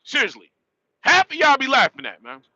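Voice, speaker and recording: A northern New Jersey man in his late forties rants on a casual livestream from his truck cab, his very high voice sharp and bright, pitch swooping wildly at a moderate pace. He uses emphatic street slang and keeps returning to the same points. The audio is dry and close with no room echo, and the highs are cut off.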